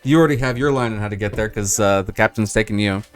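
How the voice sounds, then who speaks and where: A man's voice: on the low side, quick pace. A man narrating as game master of a tabletop role-playing game, casual and full of fillers.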